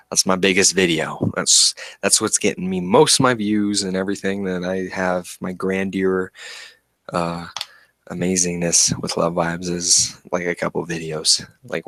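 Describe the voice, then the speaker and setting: Man, deep dry voice, rambling casual streamer, fidgety and eccentric. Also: fairly bright tone, no room sound. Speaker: livestream host. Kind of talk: casual chat. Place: indoors at home with plants.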